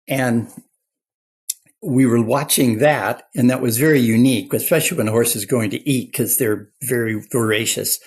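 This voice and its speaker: A man's voice: mid-range voice, moderate pace, darkish tone, breathy edge. An older man, a clinical psychologist, telling stories earnestly as a guest in an interview. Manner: earnest anecdotal storyteller. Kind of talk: storytelling interview talk.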